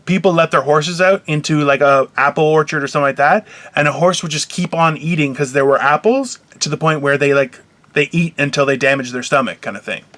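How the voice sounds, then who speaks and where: A high-voiced man with a sharp, bright tone co-hosts a casual chat show. He swears freely and flares into exaggerated mock-angry yelling. The sound is close and dry. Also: a little fast, no echo. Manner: profane, mock-yelling rants. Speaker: co-host. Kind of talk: casual podcast banter.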